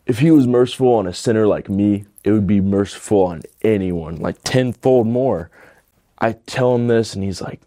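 A man's voice: fairly low pitch, moderate pace, warm tone, dry recording, studio quality. A young man telling his personal testimony in a casual, rambling way, earnest and emotional, filling his speech with "like". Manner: rambling, fills with "like".

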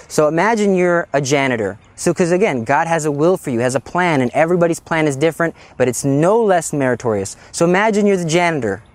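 A man preaching a sermon in an animated, scolding way, acting out little scenes as he goes. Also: fairly high pitch.

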